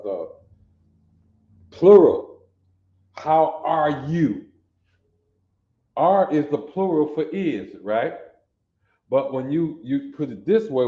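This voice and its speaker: A man with a Detroit accent teaching a Hebrew phrase class, talking slowly with slangy repetition and checking that his students follow. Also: mid-range voice, dark tone. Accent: Detroit African American Vernacular English. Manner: slow, repetitive, street-slang teaching with call-and-response questions. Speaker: language teacher. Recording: echoey room, dull lo-fi sound.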